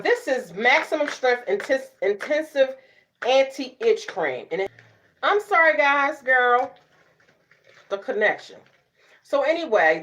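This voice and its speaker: A middle-aged woman vlogger, chatting casually to camera, sassy and loud, laughing often and cussing freely. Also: mid-range voice. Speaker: beauty vlogger.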